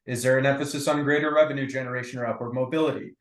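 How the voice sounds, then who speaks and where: A man's voice: medium pitch, fairly even intonation, racing. A man facilitating a breakout group in casual meeting talk, reflective and loose with fillers, heard over a video call. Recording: echoey room.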